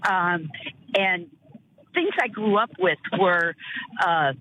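Older call-in listener, bright sharp voice, halting speech. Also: mid-range voice, a little hiss or hum, rough recording. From northern Chicago area. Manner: halting, repeats words. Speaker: caller. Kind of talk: call-in chat.

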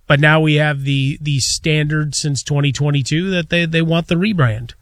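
A man's voice: on the high side, fairly even intonation, normal speed, a bit bright, no echo. A man co-hosting a sports radio show in a studio, chatting conversationally with dry quips.

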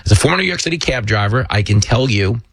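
A man's voice: medium pitch, expressive, quick pace, creaky, husky, no echo. A man hosting a political commentary show, talking emphatically and sarcastically. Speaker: show host.

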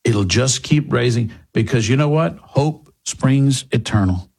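A man's voice: mid-range voice, lively intonation, measured pace, vocal fry, a little mellow, slightly rough. A man hosting a political commentary show, delivering a sarcastic, mocking opinion monologue.

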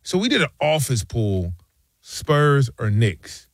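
A man co-hosting a casual sports talk show, telling stories with lively swings in his voice. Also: takes it slowly, no room sound, studio quality. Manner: animated storytelling, lively swings in pitch.

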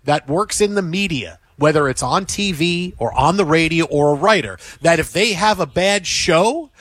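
A man's voice: fairly high pitch, moderate pace, fairly bright tone, dry recording. A man hosting sports talk radio, ranting emphatically and repeating himself as he acts out what others say.

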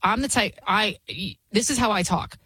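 Fast-talking sarcastic woman hosting talk radio. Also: mid-range voice, bright, forceful tone, slight background noise, rough recording. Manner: talks fast, rarely pauses; mocking, sarcastic. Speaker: talk show host. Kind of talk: opinionated talk radio commentary.

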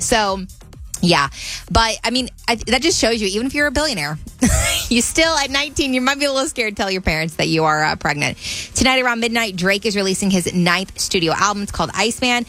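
A woman's voice: medium pitch, brisk, faint music behind. Chatty Minnesotan woman radio host. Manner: chatty, excitable, lots of "like" fillers. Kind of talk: celebrity news chat.

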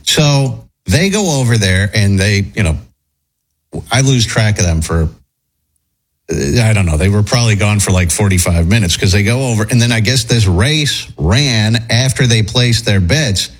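A man's voice: on the low side, expressive, moderate pace, husky. A man telling a long rambling story in casual chat, full of fillers and restarts. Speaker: storyteller on a talk show.

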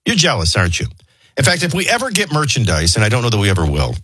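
A man's voice: mid-range voice, huge pitch swings, fast talker, bright, forceful tone, breathy edge, dry recording. A middle-aged man hosting a radio show, chatting casually and jokingly, moving from news into personal anecdotes. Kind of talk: casual talk radio banter.

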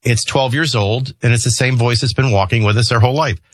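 A middle-aged man hosting a show, rambling between personal stories and opinion rants in an animated way. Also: medium pitch, brisk, dry recording. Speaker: host. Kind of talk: opinion monologue with storytelling.

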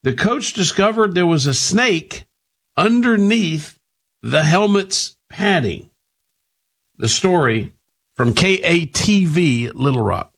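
A man's voice: high-pitched, lively intonation, slow pace, fairly bright tone, slightly rough. A man presenting news commentary with wry asides.

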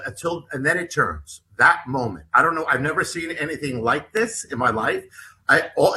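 A man's voice: on the high side, sharp tone, slight background noise. A man guesting as an author on an interview show, telling a personal story in a rambling way with many restarts and repeated words.

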